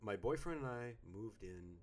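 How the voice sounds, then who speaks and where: Playful man with a lively, swooping voice. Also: fairly low pitch, moderate pace. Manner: playful, theatrical, jumps between mumbling and loud outbursts. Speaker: podcast co-host. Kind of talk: casual chat, reading listener notes.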